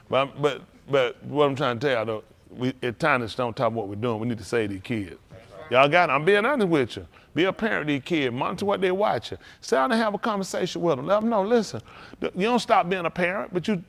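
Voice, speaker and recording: A middle-aged man preaching a sermon, calling out to the congregation and teasing young listeners. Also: fairly high pitch. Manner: animated, calls to the congregation, teasing asides.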